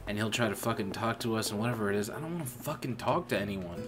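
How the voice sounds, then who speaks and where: A man's voice: on the low side, animated, fast. A young man in a casual, profane rant, venting bitterly about an old job. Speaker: streamer. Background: music.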